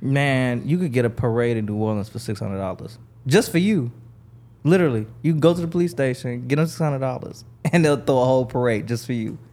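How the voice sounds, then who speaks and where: A young man from Chicago, a podcast guest, telling stories in casual chat and acting out the people he quotes. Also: a little fast. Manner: animated storyteller, acts out quoted people in a higher voice.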